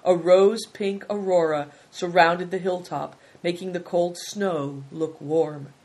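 A woman narrating a children's adventure story in a calm, measured reading. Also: fairly low pitch.

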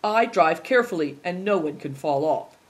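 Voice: medium pitch, lively intonation, normal speed, close to an everyday voice. A reader voicing a proud, confident grown man who drives a truck, speaking firmly and reassuringly.

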